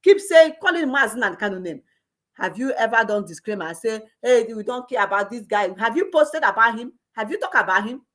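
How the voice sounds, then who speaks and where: A woman's voice: on the high side, animated, fairly quick, a bit bright. A middle-aged woman delivers a heated, scolding monologue. She repeats phrases and stumbles through restarts as she presses her point. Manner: heated, repetitive, scolding, with frequent stammered restarts. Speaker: political commentator. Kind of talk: impassioned monologue.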